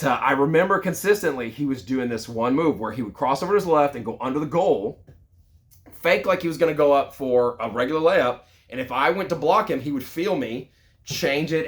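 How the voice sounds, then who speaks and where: A man in his thirties with a mid-range voice tells a personal story in a relaxed, conversational way. His delivery is lively and full of casual fillers, like a sales leader talking to his team. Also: mid-range voice.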